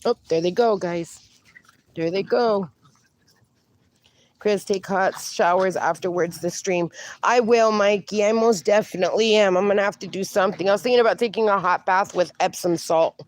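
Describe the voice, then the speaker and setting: A woman's voice: medium pitch, moderate pace. A woman livestreaming in a casual, chatty way, reading viewer comments aloud and calling viewers darling. She is in some pain and sounds slightly strained. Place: outdoors.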